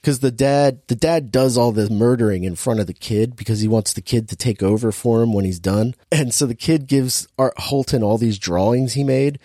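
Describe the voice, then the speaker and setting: A man chatting through a film's plot in a loose, rambling way, leaning on filler words as he goes. His voice sits at an ordinary middle pitch. The recording is close and dry, with no room sound. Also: normal speed, few pauses, dark tone, dry recording. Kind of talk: casual movie recap chat.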